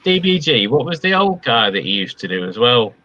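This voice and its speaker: A man rambles easily through a casual live chat, often stopping to grab a lost thought. His voice is bright and forceful at a middle pitch. The stream audio sounds dull and lo-fi. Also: sing-song, brisk. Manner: easygoing, rambling, forgetful. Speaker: co-host.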